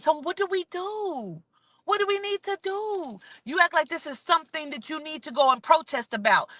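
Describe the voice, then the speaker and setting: Fiery, bright-voiced woman preaching. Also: no room sound. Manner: preachy, profane, repetitive and emphatic; drops to a low mutter when saying she is getting angry. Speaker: spiritual vlogger. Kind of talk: impassioned spiritual monologue.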